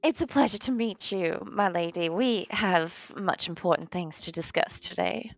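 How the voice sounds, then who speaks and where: A woman's voice: fairly low pitch, moderate pace, creaky. A woman voicing a poised, scheming noblewoman who speaks formally and politely in a tabletop game. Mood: courtly. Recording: slightly dull, dry sound.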